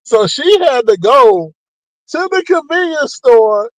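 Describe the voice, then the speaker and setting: A man hosting a casual gossip commentary, talking in a mocking, animated way and acting out what people said. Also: slow, dry recording, rough recording. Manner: animated, mocking, acts out quotes with big pitch jumps. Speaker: commentary channel host.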